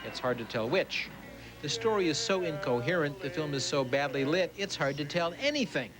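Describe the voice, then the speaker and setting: A man's voice: on the high side, lively intonation, normal speed, music in the background, rough recording. A man giving a sarcastic, joke-filled movie review as a television film critic. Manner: sarcastic, wisecracking.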